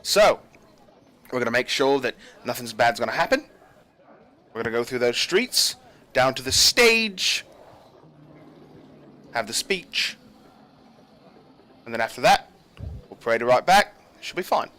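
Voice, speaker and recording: A man voicing a stern female half-elf guard captain who gives brisk orders in a tabletop game. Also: mid-range voice, animated, pushed and bright. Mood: commanding.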